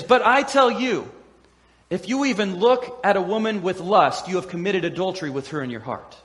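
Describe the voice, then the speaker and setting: A man preaching a sermon as pastor, animated and laughing often as he acts out the voices of crowds and quotes. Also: sits high, moderate pace. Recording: echoey hall with long reverb.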